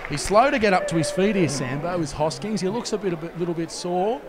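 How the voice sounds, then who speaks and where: A man with a slightly raised voice calls a rugby league game in fast, jokey play-by-play. He works from a commentary box at an outdoor ground. Loud crowd noise and heavy ambient din sit under every word. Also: sits high. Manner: rapid, excitable, jokey play-by-play.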